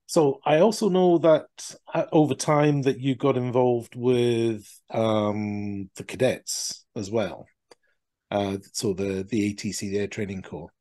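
A male host asks his questions in a halting way, often repeating words as he works his way through. His voice is mellow and relaxed, at an ordinary male pitch. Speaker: podcast host. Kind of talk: interview questions.

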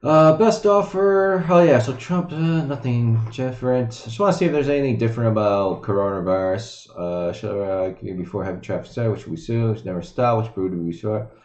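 A man's voice: mid-range voice, normal speed, a little mellow, lo-fi sound. Rambling sarcastic man in a roomy recording. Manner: rambling, sarcastic, swearing, many fillers. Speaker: host reading and commenting on crypto news. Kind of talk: casual news commentary.

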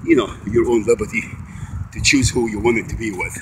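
A man's voice: lowish voice, fairly quick, fairly bright tone, slight background noise, rough recording. A man out of breath, walking a bike uphill outdoors and angrily accusing, with many restarts and repeated words. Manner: accusing, repetitive, stops and restarts often. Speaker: vlogger. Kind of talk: angry recorded monologue.

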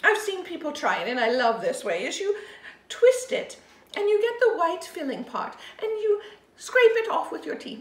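A woman's voice: very high voice, very animated, normal speed. A woman hosting a playful children's food segment, bubbly and giggly, with exaggerated delivery. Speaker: host of a kids' food segment. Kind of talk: playful show-and-tell for children. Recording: echoey room with faint noise.

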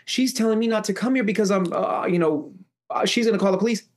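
A man putting on a shrill, pleading woman. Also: expressive, a little fast. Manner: high shrill pleading, repeating herself. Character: frantic pleading woman, fake crying, manipulative.

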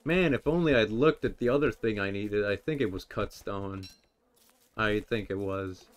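A young man commenting on a survival game as he plays, rambling and joking with sudden yelled outbursts. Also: fairly low pitch, normal speed. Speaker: gameplay commentator. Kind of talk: let's play commentary.

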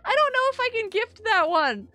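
A woman hosts a casual live stream with a very high, bright voice that jumps around in pitch. She giggles often and talks straight to her chat. Faint music plays behind her. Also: very animated, normal speed, no room sound. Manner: bubbly, giggly, reads chat aloud.

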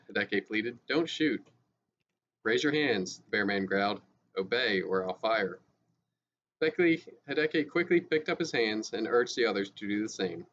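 A male teacher reading a novel aloud in a steady, even way, with small restarts. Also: fairly low pitch. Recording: dull lo-fi with faint hiss.

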